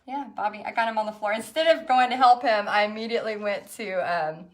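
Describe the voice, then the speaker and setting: A woman's voice: fairly high pitch, fast. A middle-aged woman, telling a story with lots of laughter while leading an online painting class. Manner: chatty storytelling with frequent laughs. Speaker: painting instructor hosting an online paint party. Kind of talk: casual chat while painting.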